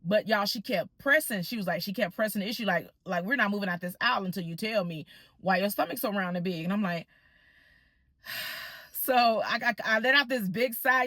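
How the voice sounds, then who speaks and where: A woman telling a personal story to her viewers in a casual, animated way, acting out the people she quotes. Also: mid-range voice, no room sound. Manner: animated, addresses viewers as y'all, acts out quoted voices. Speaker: vlogger.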